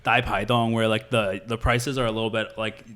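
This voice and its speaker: A man's voice: on the low side, level tone, normal speed, fairly bright tone. Laid-back man telling travel stories. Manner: swears freely, loose storytelling with many fillers. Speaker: podcast co-host. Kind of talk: casual chat.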